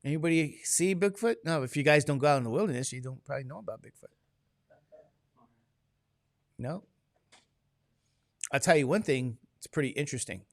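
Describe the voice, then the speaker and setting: A man's voice: on the high side, lively intonation, a little fast, pauses often, no room sound, studio quality. A man teaching a classroom lecture, chatty and digressive, asking the class questions as he goes.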